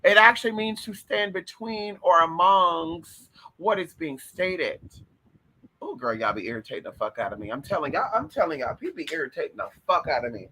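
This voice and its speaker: A man with a high, piercingly bright voice, delivering a casual spiritual advice monologue as host. He is sassy and profane, animated throughout, and breaks into sudden shouts. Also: fairly quick, a little hiss or hum, rough recording.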